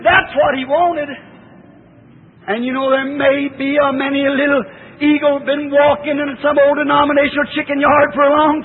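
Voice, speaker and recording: A man preaching a fervent sermon, often slowing and rising into shouted cries. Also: very high-pitched. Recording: tinny lo-fi old recording.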